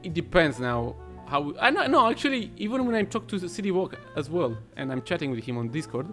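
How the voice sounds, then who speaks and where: Hesitant higher-voiced male podcaster. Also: sing-song, brisk, fairly bright tone. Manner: hesitant, many fillers, thinks aloud. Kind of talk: casual podcast chat. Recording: faint music behind.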